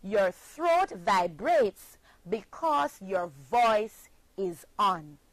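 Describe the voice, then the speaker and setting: A woman teacher from Jamaica giving a scripted spelling lesson, speaking slowly and spelling words out letter by letter. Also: medium pitch, big pitch swings, no room sound, rough recording.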